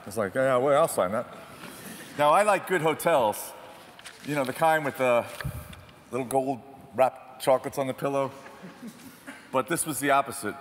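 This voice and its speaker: A man speaking on stage as a photojournalist, telling war stories in an animated, self-deprecating way. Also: mid-range voice, normal speed, pauses often. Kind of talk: storytelling talk on stage. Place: large theatre hall. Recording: distant reverberant hall, faint noise.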